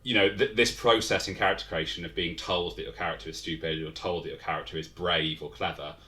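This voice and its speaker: Man, young adult, very low pitch, bright forward tone, hesitant, thoughtful, lots of ums. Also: fairly even intonation, quick pace. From England. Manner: hesitant, thoughtful, many fillers and restarts. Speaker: game designer guest. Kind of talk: casual interview chat.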